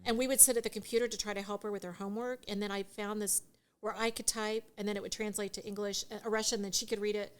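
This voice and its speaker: A middle-aged woman, a guest on a podcast, telling a story in lively, casual chat with frequent laughter and acted-out dialogue. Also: mid-range voice, quick pace, clean tone. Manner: animated storyteller who laughs often and acts out dialogue. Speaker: guest, divorce mediation attorney.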